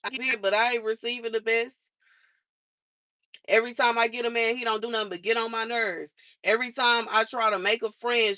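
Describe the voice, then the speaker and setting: A woman's voice: a little high, sharp tone. A young woman venting her frustrations on a livestream in casual, slangy speech, complaining over and over.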